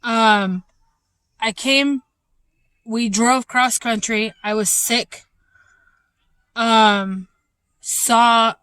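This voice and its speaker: A woman's voice: fairly high pitch, bright, forceful tone, no echo. Candid young woman vlogging with a cough. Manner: candid, halting, many fillers. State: ongoing cough, short of breath. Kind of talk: casual personal update.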